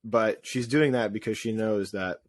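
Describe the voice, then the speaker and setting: A man co-hosting a casual podcast, telling rambling, self-deprecating stories in an animated way. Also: fairly low pitch, moderate pace. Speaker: podcast co-host. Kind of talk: casual chat.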